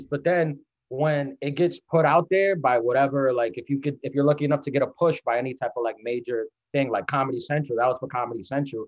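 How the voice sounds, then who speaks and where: Comedian guy chatting on a podcast, laughs a lot, self-deprecating, kinda high voice. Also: muffled recording. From United States. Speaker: guest comedian. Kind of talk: casual podcast chat.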